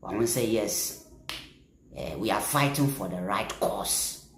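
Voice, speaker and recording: A man with a Ghanaian accent giving impassioned political commentary, emphatic, repeating phrases and bursting into louder stretches. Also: lowish voice, expressive, slow pace, creaky, reverberant, a little hiss or hum. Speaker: social media commentator.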